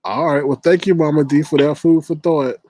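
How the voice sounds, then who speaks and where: A man's voice: a little high, fairly even intonation, mellow. A man hosting a live-stream commentary show, talking in a chatty, opinionated way. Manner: chatty, opinionated, quick to laugh. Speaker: host.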